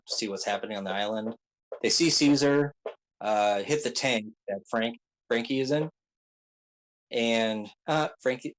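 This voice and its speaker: Heard through a rough recording, a man with a mid-range voice casually goes over an anime arc as a video creator. He rambles, fills it with ums and uhs, and drops in joking asides.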